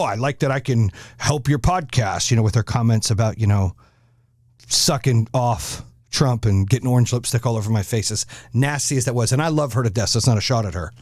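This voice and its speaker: Foul-mouthed ranting podcast host, dry sound. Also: male voice, medium pitch, a little mellow, no room sound. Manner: blunt, aggressive, swears constantly. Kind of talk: profane ranting monologue.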